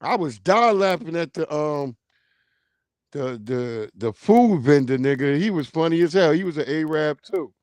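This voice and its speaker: A man rants and tells stories on a livestream in an animated, profane, comedic way. His voice sits high for a man and swings widely in pitch. The sound is dry and close. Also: unhurried, dry recording. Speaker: livestream host. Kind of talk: casual comedic rant.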